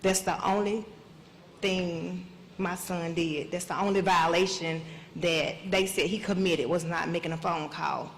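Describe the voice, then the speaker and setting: A middle-aged woman speaks slowly and haltingly on a conference stage and fights back tears as she tells her story. Her words trail off and repeat. The sound rings in a reverberant hall with a faint background hiss. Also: on the low side, steady tone. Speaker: mother of an incarcerated son. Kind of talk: emotional panel testimony.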